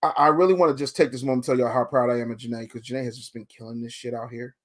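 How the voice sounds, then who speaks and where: A man hosting a podcast, chatting casually and telling stories in an animated, profane way. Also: medium pitch, rapid-fire. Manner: animated, profane storytelling with acted quotes. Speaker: podcast host.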